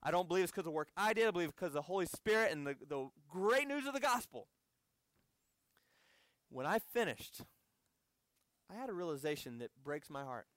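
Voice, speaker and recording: A man's voice: sits high, big pitch swings, a little fast, long pauses, fairly bright tone, no room sound, clean studio sound. An American man preaching a sermon as a conversational story with asides to the audience. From United States.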